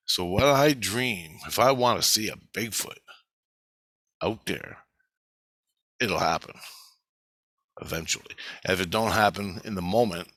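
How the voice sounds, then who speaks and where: A man casually retelling a dream in a rambling, profane, animated way. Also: lowish voice, vocal fry, no echo.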